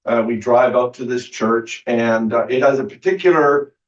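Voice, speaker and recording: A man's voice: medium pitch, normal speed. A man, a pastor, leading a church study group in an easygoing way with many fillers. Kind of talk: group facilitation on a video call. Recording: roomy, distant, dull-sounding.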